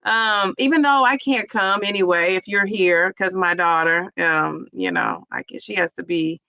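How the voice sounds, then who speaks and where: A middle-aged weight-loss vlogger hosts a casual livestream, chatting effusively and greeting viewers by name as she reads their comments. Her medium-pitched voice is pushed and bright at a moderate pace, with no echo but lo-fi sound.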